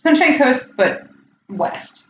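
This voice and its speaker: American woman, podcast co-host, casual and animated, acts out quotes; dull, roomy recording. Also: high-pitched, slow pace, a little hiss or hum. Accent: neutral American. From United States. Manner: animated, swears freely, acts out quotes in raised voices. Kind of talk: casual chat.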